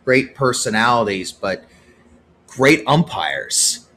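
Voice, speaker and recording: A man hosting his own podcast, giving opinionated solo commentary that swings from heated outbursts to hushed, sober stretches. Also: mid-range voice, animated, slow. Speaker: podcast host.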